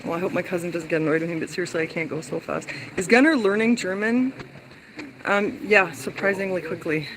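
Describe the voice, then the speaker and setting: A woman's voice: fairly low pitch, a little fast, noisy background. Chatty woman vlogging on an uphill walk. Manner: chatty, breathless from climbing, yawning. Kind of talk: walking travel vlog. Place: outdoors in a hilly lakeside town.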